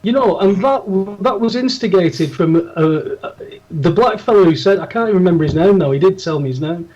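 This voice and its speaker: Male podcast co-host, high-pitched, chatty anecdote-teller, muffled recording. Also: lively intonation, a little fast, darkish tone, breathy edge. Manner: rambling anecdotes with restarts. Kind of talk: casual storytelling chat.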